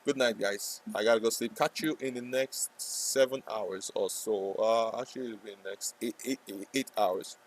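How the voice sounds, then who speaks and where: A man talking casually over a live trading stream, rambling and joking, sometimes breaking into loud playful yelling. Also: on the low side, normal speed, hardly any pauses, poor audio.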